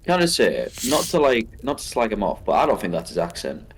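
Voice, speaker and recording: A young man with a Teesside accent chats casually on a podcast. His voice sits on the low side, and he often jumps in with asides and swearing. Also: huge pitch swings, brisk, slight background noise. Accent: Teesside English. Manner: chatty, jumping in with asides and swearing. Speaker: podcast co-host. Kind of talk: casual chat.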